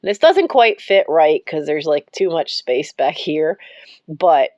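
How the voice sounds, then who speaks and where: A woman's voice: deep voice, very animated, slow pace, darkish tone, no room sound. Giggly woman baby-talking to her cats. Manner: baby-talks to cats, breaks into frequent giggles. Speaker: pet vlogger. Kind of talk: casual talk to her cats while filming. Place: cold house, bedroom.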